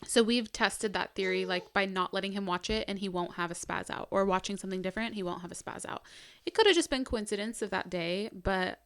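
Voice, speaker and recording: A woman's voice: medium pitch, brisk, a bit bright. A young adult woman co-hosting a podcast, talking in a chatty casual way full of "like" and "um". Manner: chatty, lots of "like" and "um". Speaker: podcast co-host, mother. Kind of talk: casual chat.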